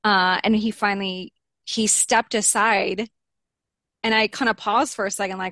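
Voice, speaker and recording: A young adult woman, an interview guest, candidly recounting a personal ordeal, her pitch rising when she quotes heated arguments. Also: steady tone, normal speed, fairly bright tone, dry recording, studio quality.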